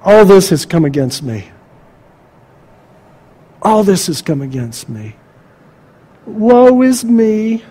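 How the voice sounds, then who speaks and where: A man preacher voicing an old father who mourns his lost sons, in a slow, wailing tone. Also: high voice, sing-song, mellow, husky, full character voice. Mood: mournful.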